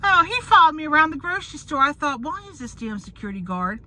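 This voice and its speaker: A woman's voice: high voice, sing-song, fast talker, heavy background noise. A woman in her forties chatting casually in a car, rambling and losing her train of thought. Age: 40s. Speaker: vlogger. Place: in a parked car.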